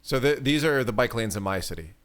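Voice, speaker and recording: A man's voice: mid-range voice, expressive, a little fast. A man hosting a podcast, chatting casually with many fillers and restarts. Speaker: podcast host. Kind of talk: casual chat.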